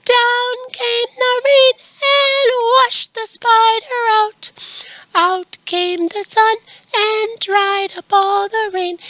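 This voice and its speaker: A woman voicing a tiny baby spider, singing in a small high voice for a children's song. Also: fairly bright tone, dry recording, dull audio, heavily acted.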